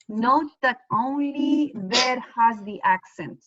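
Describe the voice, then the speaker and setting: Woman, high voice, slow and patient, teacher on a video call, dry dull audio. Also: a bit bright. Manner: patient, encouraging, explains step by step. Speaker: Spanish teacher. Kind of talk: online class lesson.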